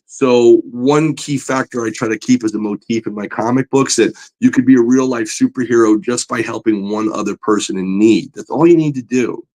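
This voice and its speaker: A man's voice: mid-range voice, moderate pace, few pauses, rough recording. A man in casual podcast conversation, telling stories animatedly with lots of "you know" fillers. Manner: animated storyteller, voice climbs when excited. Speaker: comic book artist guest.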